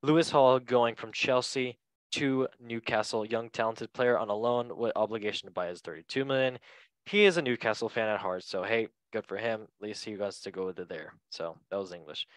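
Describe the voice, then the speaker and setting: A man's voice: on the low side, normal speed, no room sound, low-quality recording. Chatty man hosting a football show. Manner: chatty, self-correcting, joking asides. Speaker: podcast host. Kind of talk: casual football chat.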